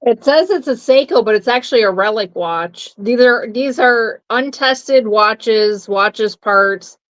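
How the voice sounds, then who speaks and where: A woman co-hosting a live-stream auction, calmly describing the items she shows. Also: fairly high pitch, a little slow, highs cut off. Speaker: co-host showing auction items. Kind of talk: casual live-stream commentary.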